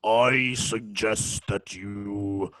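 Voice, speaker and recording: A big tattooed pit fighter, put on by a man in a tabletop game, speaks with calm formality. His delivery is very slow and measured, pitched a little low with a bright edge. Every word sounds stately.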